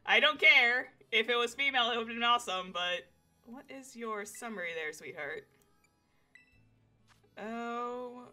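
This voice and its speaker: A young woman streaming a game live from home on a desk mic, excitable, swearing freely and talking to her chat. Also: fairly high pitch, a little slow, long pauses, soft background music.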